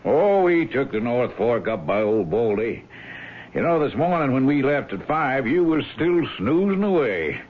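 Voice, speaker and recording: A back-slapping male hunting pal in an old radio play. His voice is husky and swings up and down lively. The sound is dull and muffled, like an old broadcast. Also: mid-range voice, a little slow. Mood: jovial. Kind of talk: 1970s radio drama acting.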